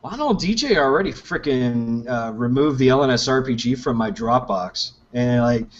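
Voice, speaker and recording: A man co-hosting a podcast in casual chat, joking around and quick to laugh. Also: medium pitch, animated. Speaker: podcast co-host. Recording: dull lo-fi audio with faint hiss.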